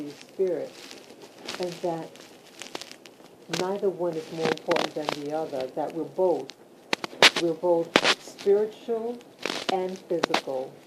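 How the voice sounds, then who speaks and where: A woman vlogging casually from her bed at home, talking slowly with many fillers and restarts. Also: low voice. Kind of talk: casual talk to camera. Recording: loud background hiss.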